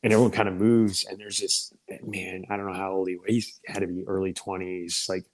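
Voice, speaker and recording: A man's voice: sits low, a little fast, poor audio. A man, a former first sergeant, telling a story in casual talk, laid-back with some swearing. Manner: laid-back, swearing, animated when quoting others.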